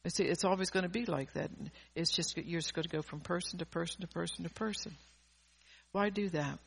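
A woman's voice: fairly low pitch, a little fast, vocal fry, slightly rough. An older woman preaching an earnest sermon, often repeating and restarting her phrases.

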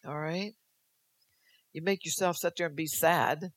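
A woman's voice: low-pitched, fairly even intonation, unhurried, no room sound. An older woman preaching at a church service, exhorting the congregation, speaking prophetic words in the first person and adding folksy teasing asides. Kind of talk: sermon.

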